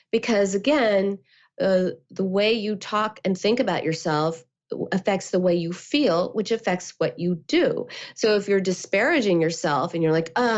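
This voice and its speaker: A woman therapist talks through her ideas as an interview guest, calm and measured, often slipping into little acted-out quotes. Her voice sits mid-range. The sound is dull and lo-fi. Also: medium pitch. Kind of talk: interview answers. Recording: muffled lo-fi audio.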